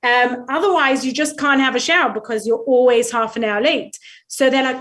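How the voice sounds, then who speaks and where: A woman speaking as a guest expert on a talk show, giving animated advice and acting out little quoted exchanges. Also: high voice, normal speed. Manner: lively, acts out quoted dialogue, rhetorical asides.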